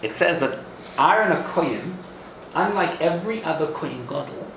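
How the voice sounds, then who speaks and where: A man's voice: on the high side, expressive, moderate pace, fairly bright tone, roomy sound, slight background noise, poor audio. A man giving a sermon, telling a story and asking questions, with Hebrew terms mixed in. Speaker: rabbi.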